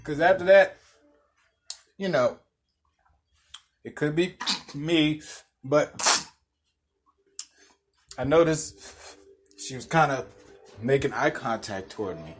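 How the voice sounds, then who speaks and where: A young man hosts a podcast, telling a rambling, laid-back story with restarts and chuckles. His voice is fairly high pitched and slow, with long pauses. Slight background noise is audible.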